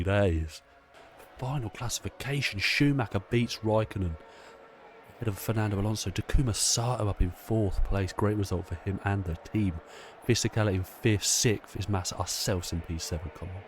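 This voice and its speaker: A man, host of a gaming channel, excitedly commentating his own racing game with a chatty, casual manner. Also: on the low side, moderate pace, slight background noise.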